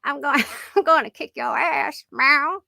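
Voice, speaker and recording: A woman voicing a weird, bullying male house cat that brags and taunts between meows, in a gravelly, raised voice. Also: high voice, a little slow, sharp tone, no echo, studio quality, pitched above the performer's own voice, full character voice. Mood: taunting. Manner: boastful meowing taunts.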